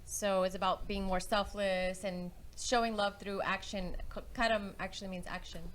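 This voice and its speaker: A woman guest on a talk show, soft-spoken and quick to laugh, in casual chat. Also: mid-range voice, little pitch movement, slight background noise, poor audio.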